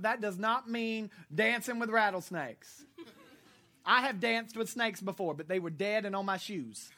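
A pastor with a high, pushed, bright voice preaches at a moderate pace to his congregation during a church service, quizzing the listeners and chuckling at his own jokes.

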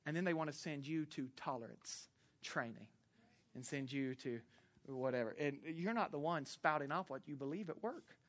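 Southern preacher guy, bright sharp voice, gets loud then drops to quiet storytelling. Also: on the high side, moderate pace. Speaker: minister. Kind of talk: sermon.

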